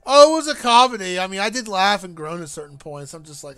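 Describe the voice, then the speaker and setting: In a dry recording, a man with a high, very animated voice and a sharp tone streams a game and chats casually. He jokes and rambles, restarting often, while faint game music plays.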